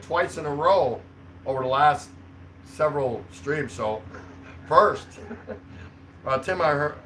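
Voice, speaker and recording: Male livestream host, casual and chuckling, middle pitch, light background hiss. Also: fairly bright tone, low-quality recording. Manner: rambling, chuckling, easygoing. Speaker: livestream host reading chat. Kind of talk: casual live chat. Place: home in the Philippines.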